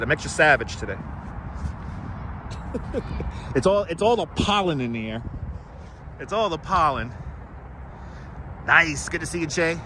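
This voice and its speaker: Walking city streets outdoors, this Brooklyn, New York man runs a casual live stream, rambling chattily and greeting viewers by name. His pitch is on the high side and a bit bright. A wireless clip-on mic adds a little hiss or hum.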